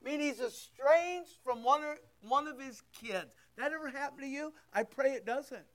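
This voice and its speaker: An older man preaching a sermon as pastor, loud and emphatic, swinging between near-shouts and quiet asides. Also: very high voice, moderate pace. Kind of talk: sermon with prayer.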